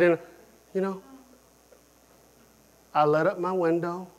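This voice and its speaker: A man with a high-sitting voice preaches at a measured pace, pausing often as he tells animated stories. He repeats himself frequently, going from loud and emphatic to quiet.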